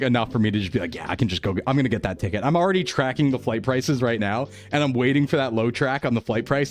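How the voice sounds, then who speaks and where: A man chatting casually on a live stream, excitable and gushing with thanks, often breaking into laughter. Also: medium pitch.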